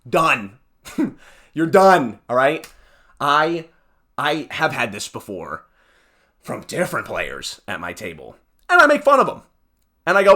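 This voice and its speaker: A man's voice: a little high, huge pitch swings, moderate pace, pauses often, sharp tone. A young man hosting a solo podcast, ranting in a heated, exasperated way with sarcastic asides. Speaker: podcast host.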